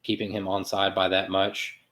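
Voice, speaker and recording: A man's voice: low-pitched, completely flat delivery, moderate pace, a bit bright. A man hosting a soccer podcast, recapping a match in a loose, sarcastic monologue with playful sound effects and self-corrections. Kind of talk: casual sports recap monologue.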